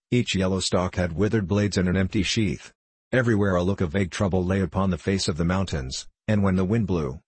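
A man narrating a novel aloud in a measured, unhurried storytelling manner. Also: sits low, darkish tone, husky, no echo. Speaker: audiobook narrator.

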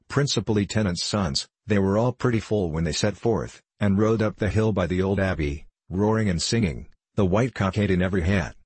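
A man narrating a classic novel in a measured, storytelling way. His voice is very deep and husky, and the recording is close and dry. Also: a little mellow, no room sound. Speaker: audiobook reader.

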